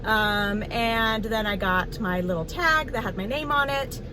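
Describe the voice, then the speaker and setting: A woman who works at a nursing home, telling a story in a casual vlog in an expressive, chatty way with many fillers, seated in a car. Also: mid-range voice, measured pace, noisy background.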